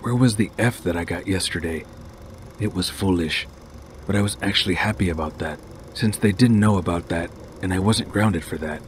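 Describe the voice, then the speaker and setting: A man narrating a scripted first-person horror story in a steady, measured way. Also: sits low. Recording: noisy home recording.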